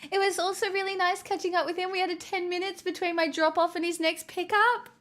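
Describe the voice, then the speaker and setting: Young woman streamer with a high voice, excitable and gushing, baby-talks a dog. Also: fast. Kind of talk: casual livestream chat.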